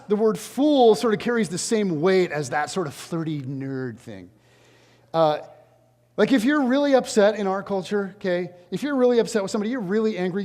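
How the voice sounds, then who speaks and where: A man preaching a sermon as pastor, conversational and animated, with jokey asides to the congregation. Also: sits high. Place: large church sanctuary. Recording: long hall reverb.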